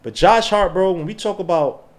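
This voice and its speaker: A man hosting a live sports watch-along podcast, talking in an excitable, slangy fan manner. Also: high voice, normal speed. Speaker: podcast host.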